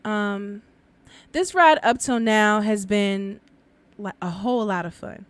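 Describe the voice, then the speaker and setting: A woman's voice: mid-range voice, slow pace, no room sound. A woman hosting a podcast, telling folk tales in a casual, chatty way and laughing often. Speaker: podcast host and storyteller.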